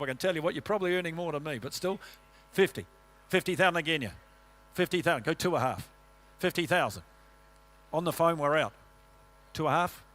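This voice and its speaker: A high-pitched man calls bids in a rapid auction chant. His voice is bright and crisp as it rolls the numbers over and over. Between calls he throws quick joking remarks to the bidders. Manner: rhythmic rolling bid calls, joking asides to bidders.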